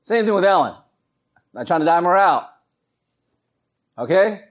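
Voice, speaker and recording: Male pastor, husky voice, slow delivery, lively swooping pitch, storytelling sermon. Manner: animated storytelling, acts out voices.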